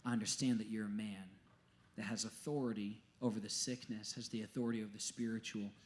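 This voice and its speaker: A man voicing an anxious, humble Roman military officer who speaks in a low, earnest, hushed plea. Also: fairly even intonation, quick pace, close to an everyday voice. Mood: pleading.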